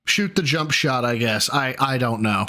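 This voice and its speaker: A man's voice: mid-range voice, normal speed, sharp tone. A man commenting on a video, sarcastic and teasing, swearing as he mocks what he hears. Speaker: reaction commentator. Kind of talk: mocking commentary.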